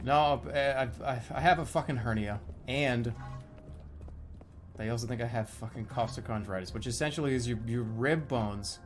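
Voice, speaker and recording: A man streaming gameplay, commenting casually and swearing a lot, with sudden loud excited outbursts. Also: medium pitch, moderate pace, music in the background.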